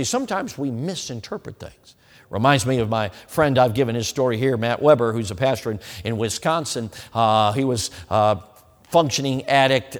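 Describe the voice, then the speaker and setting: Animated preacher guy, pitch swinging all over, folksy, big echoey church hall. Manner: animated, folksy, laughs between points. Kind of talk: sermon. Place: church sanctuary. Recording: long reverb of a large hall.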